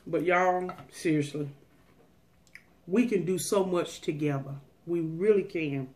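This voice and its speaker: A woman's voice: fairly low pitch, measured pace, darkish tone. Folksy preachy woman vlogger. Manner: folksy, preachy, calls out to viewers. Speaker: food vlogger. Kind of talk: casual mukbang chat with preachy pep talk.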